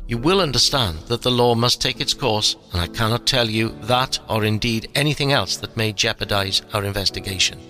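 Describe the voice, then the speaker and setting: A man reading the part of a cautious police inspector who speaks in a formal, guarded way, with soft music underneath. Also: fairly low pitch, brisk, few pauses.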